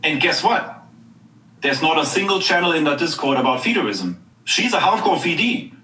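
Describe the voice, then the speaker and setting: A man's voice: fairly high pitch, sing-song, moderate pace, bright, forceful tone. A man with a German accent recounting events in a rambling, repetitive way on a livestream clip. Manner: rambling, repeats himself. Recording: echoey, distant, noisy clip.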